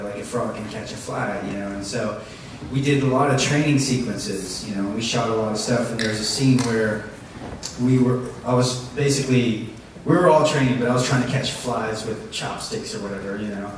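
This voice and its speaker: A man spins animated, laughing anecdotes for a fan panel. He speaks into a handheld mic in a large, very echoey hall. The recording is captured from far back in the room, with a noisy crowd murmur behind him. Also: mid-range voice. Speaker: convention panel guest.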